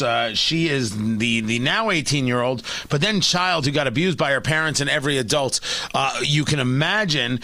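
A talk radio host delivers emphatic, sarcastic commentary in a high, bright voice. His pitch swings widely, and the studio sound is close and dry. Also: no room sound.

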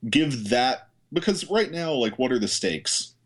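A man co-hosting a casual movie review podcast, talking things through calmly with some swearing. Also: medium pitch, a little slow. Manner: relaxed, analytical with some swearing. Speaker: podcast co-host.

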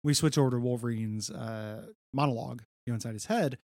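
A man's voice: mid-range voice, fast talker, darkish tone, no room sound. A man with a mid-range voice recaps a comic on a casual podcast. He is chatty, swears offhandedly, and often repeats words as he goes, recorded dry and close. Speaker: podcast co-host.

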